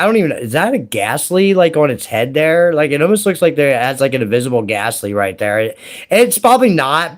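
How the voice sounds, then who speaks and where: A man in his late thirties chatting casually while opening trading card packs, rambling and excitable, full of "dude" and "man". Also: medium pitch. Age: 30s. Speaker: card-opening video host.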